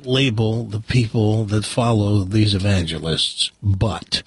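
A man from the American South with a Southern accent, hosting a talk radio show and telling stories in a lively, stammering way. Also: fairly low pitch, takes it slowly, slightly rough, no room sound. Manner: animated storyteller, restarts and stammers. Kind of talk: casual talk radio chat.

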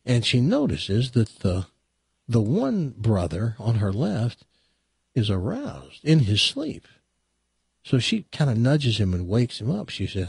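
A man's voice: medium pitch, darkish tone, husky, no echo, clean studio sound. A man on talk radio telling a long joke in a folksy, drawling storytelling manner.

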